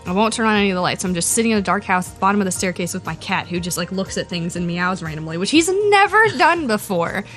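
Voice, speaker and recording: Animated woman telling a story. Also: medium pitch, fast talker, hardly any pauses, soft background music. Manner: animated, acts out dialogue. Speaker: podcast co-host. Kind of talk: casual storytelling chat.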